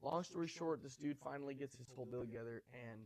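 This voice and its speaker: Casting: quick, animated young male guest, storytelling chat. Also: mid-range voice, creaky. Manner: animated storyteller, acts out quoted voices. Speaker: podcast guest. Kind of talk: casual storytelling.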